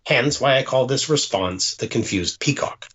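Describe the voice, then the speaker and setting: Author reading from his book: measured man, mid-range voice, slightly muffled lo-fi recording. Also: medium pitch, expressive, fairly bright tone. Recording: dull lo-fi sound.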